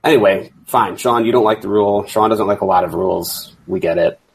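A man hosting a casual fantasy football podcast chat as league commissioner, rambling with halting restarts. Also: on the low side, vocal fry, husky, rough recording.

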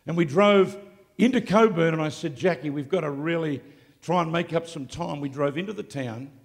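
Male preacher, high gravelly voice, live sermon, long hall reverb. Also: normal speed. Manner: swings from quiet storytelling to shouted exclamations. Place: large hall, live event.

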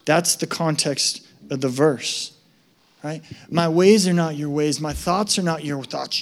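A male pastor preaching a sermon in a conversational, emphatic way that rises to loud excitement. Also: fairly high pitch, measured pace.

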